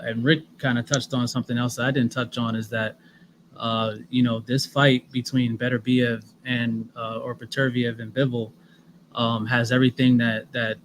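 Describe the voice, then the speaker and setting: A man's voice: medium pitch, fairly bright tone, rough recording. Rambling man with faint background hiss. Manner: rambling, many fillers and restarts. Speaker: podcast co-host. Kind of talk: casual sports chat.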